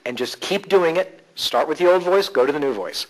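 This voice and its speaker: A man presenting a live workshop at a conference, animated and coaching the room, dropping suddenly into slow, low voices to demonstrate. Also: rough recording. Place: conference hall.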